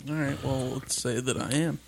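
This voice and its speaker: A man talking casually on a podcast, relaxed and slow, joking around. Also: medium pitch, vocal fry. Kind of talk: casual chat.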